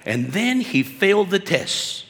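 Man, conference preacher, lively and slangy, somewhat high voice, long hall echo. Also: unhurried. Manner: animated, conversational preaching with slang. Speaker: conference speaker. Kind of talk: sermon. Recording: echoey hall reverb.

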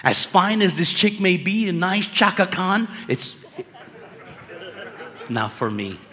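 Animated preaching man in a reverberant hall. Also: high voice, slow pace. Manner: animated, conversational preaching with slang. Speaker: conference speaker. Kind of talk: sermon. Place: conference hall.

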